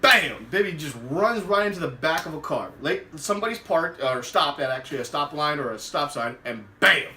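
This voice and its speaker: A man with a high, bright voice chats animatedly through a TV episode recap, chuckling as he goes. He sounds roomy and set back from the mic. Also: brisk, hardly any pauses, recorded from a distance, a little hiss or hum. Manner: animated, laughs often, acts out quotes. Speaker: podcast host.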